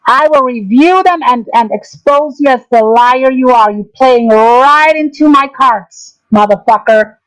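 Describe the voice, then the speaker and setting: Ranting angrily with heavy swearing and lots of repetition, a woman streamer hosts a drama commentary livestream. She has a high-pitched voice, speaks a little slowly with hardly any pauses, and the recording is rough.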